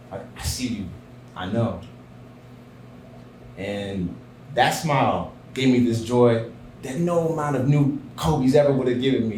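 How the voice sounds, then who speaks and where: A man telling a personal story on stage at a live show, earnest and dropping to a hushed voice in tender moments. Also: medium pitch, a little hiss or hum. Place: small theater stage. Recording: roomy live theater sound.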